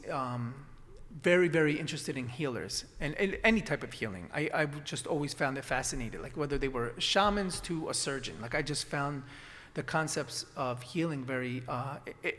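A man's voice: on the high side, expressive, moderate pace, fairly bright tone, long reverb tail. A man telling his story in a casual conversation, rambling with lots of restarts and fillers. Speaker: acupuncturist guest.

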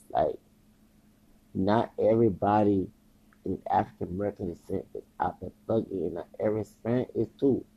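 A man's voice: on the low side, gravelly, dark tone, husky. A man hosting a podcast, talking in a rambling, agitated monologue full of swearing and repetition. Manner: agitated, profane, repeats himself. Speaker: podcast host. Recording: dull lo-fi recording.

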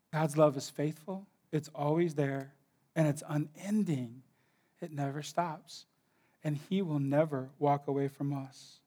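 High-voiced man preaching a fervent sermon. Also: fairly even intonation, unhurried. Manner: impassioned preaching, swinging from loud to hushed. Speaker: pastor.

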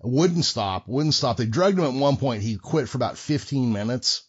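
A man's voice: mid-range voice, moderate pace, breathy edge. A middle-aged man telling a story in casual chat, swearing freely and acting out the voices of others. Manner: profane, animated, acts out voices. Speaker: podcast guest storyteller. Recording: dull lo-fi recording.

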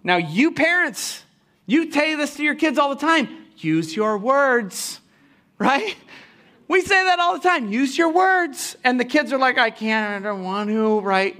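Male pastor, high-pitched, punchy animated sermon delivery with rhetorical questions. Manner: animated preaching with rhetorical questions and mock quotes.

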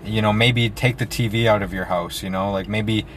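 Young male co-host, lower voice, reflective and meandering, calls people man; faint background noise. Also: steady tone, moderate pace, fairly bright tone. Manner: thoughtful, hedging, says man and you know a lot. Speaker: podcast co-host. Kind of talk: casual chat.

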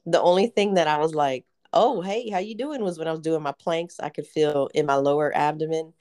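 A young woman with a notably low voice co-hosts a relaxed podcast chat. She is playful and easygoing and laughs readily between thoughts. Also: brisk, smooth. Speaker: podcast co-host. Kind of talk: casual chat.

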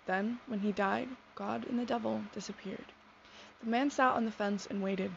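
A young woman in her teens sharing a personal faith testimony in a sincere, soft-spoken, reflective way. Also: medium pitch, fairly even intonation, normal speed, vocal fry. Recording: dull lo-fi sound with faint noise.

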